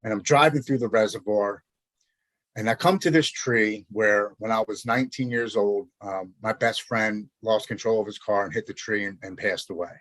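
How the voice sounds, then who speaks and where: Podcast guest, man in his forties, low voice, dry close sound, earnest and halting with many restarts. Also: a bit bright, no room sound. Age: 40s. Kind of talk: personal recovery story in conversation. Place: Maryland.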